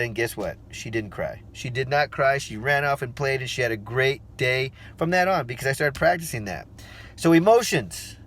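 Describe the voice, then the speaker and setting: Earnest motivational speaker guy telling his story to camera, bit higher voice, some ums. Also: a bit bright. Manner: earnest, heartfelt, pauses with um.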